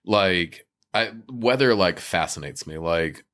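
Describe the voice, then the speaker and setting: A young man from Ohio, a guest chatting casually on a podcast, animated and full of fillers. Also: low-pitched, slow. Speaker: guest, TV executive producer.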